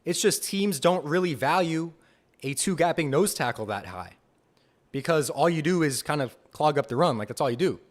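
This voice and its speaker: Young dude hosting a live fan stream, hyped and chatty, says stuff twice. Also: male voice, a little high, moderate pace. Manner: excited, enthusiastic, repeats himself. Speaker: podcast host. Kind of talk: live fan reaction commentary.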